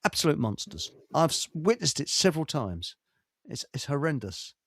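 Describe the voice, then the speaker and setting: A man's voice: a little high, big pitch swings, moderate pace, gravelly, fairly bright tone, slightly rough, no echo, clean studio sound. An older man hosting a casual talk show, chatty and amused. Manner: chatty, laughs at his own jokes. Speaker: host.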